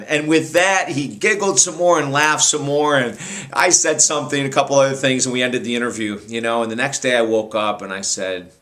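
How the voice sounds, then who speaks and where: A man who hosts a radio talk show, telling a personal story in an animated, rambling way with frequent restarts. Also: medium pitch, fairly quick.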